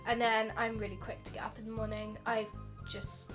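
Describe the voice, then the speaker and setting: A woman's voice: fairly high pitch, level tone, moderate pace, fairly bright tone, faint music behind. A teenage girl, co-hosting a casual chat podcast and rambling in a chatty, giggly way. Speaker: co-host.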